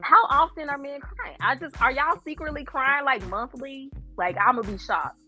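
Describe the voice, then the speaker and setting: A woman co-hosting a podcast, chatting casually in an animated, emphatic way, laughing often. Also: high voice, normal speed, soft background music. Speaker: podcast co-host. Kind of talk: casual chat.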